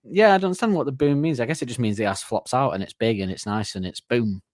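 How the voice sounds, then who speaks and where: A man's voice: medium pitch, quick pace, a little mellow, dry recording, studio quality. A man co-hosting a comedy podcast, laughing often and acting out silly cartoon voices as he picks apart song lyrics. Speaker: podcast co-host.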